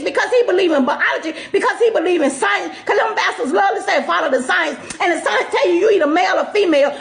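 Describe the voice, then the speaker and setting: A woman in a furious, profane on-camera rant, tearful and shouting, her voice breaking. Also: extremely high pitch. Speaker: social media commentator.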